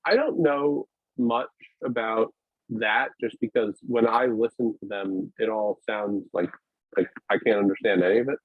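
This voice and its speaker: A man's voice: lowish voice, normal speed, slightly rough, no room sound. Rambling man on a tinny call. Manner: rambling, hesitant, many restarts and fillers. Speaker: podcast guest, weightlifting media founder. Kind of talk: casual conversational interview. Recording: dry, tinny phone-like call audio.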